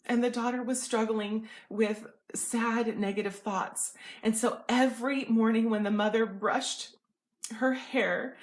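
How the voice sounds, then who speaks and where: A woman hosting an inspirational video, speaking gently and earnestly to viewers. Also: fairly high pitch. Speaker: motivational video host. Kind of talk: heartfelt direct-to-camera encouragement.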